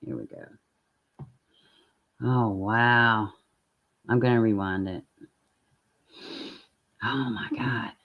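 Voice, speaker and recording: Low-voiced woman streaming true crime, blunt and chatty with her viewers, cusses some. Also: big pitch swings, drawn-out words, long pauses, highs cut off. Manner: chatty, blunt, swears, talks straight to viewers. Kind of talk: casual live-stream commentary.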